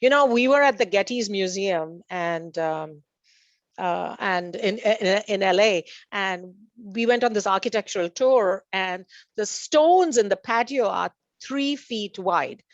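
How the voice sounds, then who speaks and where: A woman's voice: mid-range voice, unhurried, dry recording. A woman on a panel talks through her points in a loose, conversational way, stopping often for fillers and false starts. The recording is dull and dry, with no room sound around her voice. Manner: hesitant, many fillers and restarts, laughs at own anecdotes. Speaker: panelist at a community meeting.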